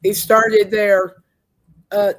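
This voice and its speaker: A woman podcast host, hoarse from singing, talking in a chatty, emphatic and indignant way. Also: medium pitch, level tone, very slow. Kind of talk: casual chat.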